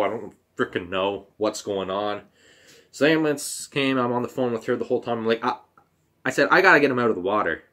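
A young man telling a personal story on his own channel, halting and emotional, with fillers, restarts and casual swearing. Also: lowish voice. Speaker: vlogger.

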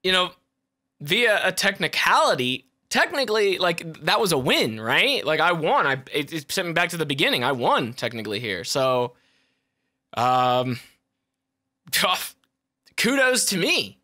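A man's voice: fairly high pitch, very animated, a little slow, bright, forceful tone. A man giving let's play commentary who swears a lot, yelps when startled and jokes to himself between bursts. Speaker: gaming YouTuber.

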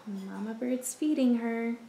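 A woman reading a picture book aloud as a library storyteller, gentle and expressive, with asides to young listeners. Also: on the high side, takes it slowly, vocal fry, roomy sound, noisy background.

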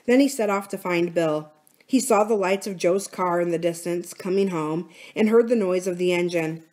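A woman from a library reading a children's adventure book aloud in a clear, even storytelling voice. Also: on the low side, normal speed.

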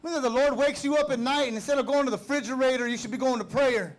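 A man preaching a sermon as pastor, fervent and conversational, building up to shouts. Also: very high-pitched, fast talker.

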